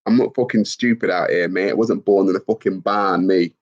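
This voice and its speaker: Slangy guy reading his chat, low-ish voice, muffled home mic sound. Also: steady tone, a little fast. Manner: laid-back, slangy, swears, laughs at comments. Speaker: livestream host. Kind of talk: casual livestream chat reading comments. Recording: dull lo-fi stream audio.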